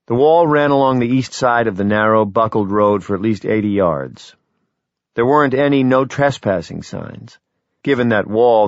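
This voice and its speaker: Male audiobook narrator, steady and wry; dry, slightly lo-fi sound. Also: fairly low pitch, dry recording. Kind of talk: scripted narration. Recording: slightly dull, lo-fi recording.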